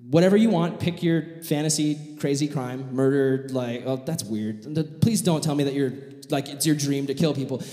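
A man preaching a sermon, telling a vivid story and acting out the voices of its characters in an animated way. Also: mid-range voice, moderate pace. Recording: echoey hall with long reverb.

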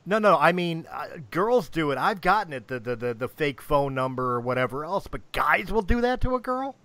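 A man co-hosting a casual livestream, loud and excitable, joking and egging his co-host on. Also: on the high side, a little fast, dry recording. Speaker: podcast co-host.

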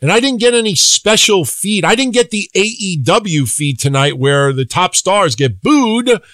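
Male podcast co-host with a higher voice and a dry, close sound; blunt, opinionated, swears, acts out quotes. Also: lively intonation, measured pace, a bit bright, no room sound. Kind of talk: casual wrestling recap chat.

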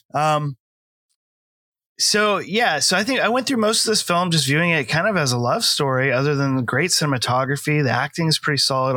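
A middle-aged man talks through a film review in a loose, rambling way, full of ums and likes and quick laughs. His voice sits at an ordinary pitch. The sound is dry and close. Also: pushed and bright, no room sound. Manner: rambling, filler-heavy, laughs often. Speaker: podcast co-host. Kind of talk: casual film review chat.

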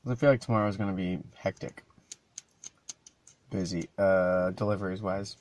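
A man's voice: low voice, steady tone, moderate pace. A man hosting his own podcast, talking alone in a loose, profane, stop-start ramble. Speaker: podcast host. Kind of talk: rambling solo podcast chat.

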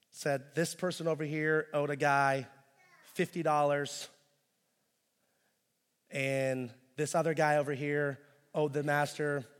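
Impassioned high-voiced male pastor in a reverberant hall. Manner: swings from hushed intensity to loud impassioned pleading, acts out voices. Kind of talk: sermon.

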